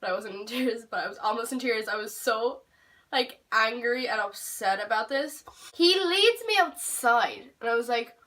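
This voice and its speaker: A young woman rambling through a storytime vlog at home, swearing freely and getting animated. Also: fairly high pitch, moderate pace. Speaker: vlogger. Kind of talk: storytime vlog, casual chat. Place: home room. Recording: voice a bit far from the mic.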